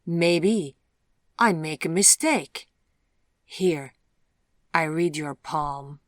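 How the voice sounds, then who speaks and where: A woman's voice: sits low, drawn-out words, dry recording, studio quality. A woman voicing a fierce old female fortune teller in an audiobook, with a heavy put-on foreign accent and broken, commanding English. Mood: stern. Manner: stern and commanding, bursts into frightened shouting. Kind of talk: audiobook character voice.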